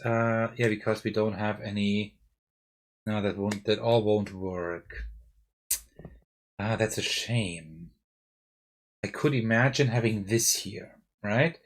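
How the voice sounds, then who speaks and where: A man with a German accent, streaming a live card game playthrough and thinking aloud, often checking himself with "right?". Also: fairly low pitch. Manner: thinking aloud, self-questioning with frequent "right?". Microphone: desk mic with face cam.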